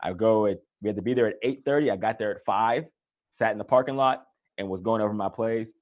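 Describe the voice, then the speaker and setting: A man's voice: fairly low pitch, quick pace, narrow, tinny audio. Man telling his career story. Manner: relaxed, animated retelling with quoted voices. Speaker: guest, former pro football player. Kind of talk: conversational storytelling.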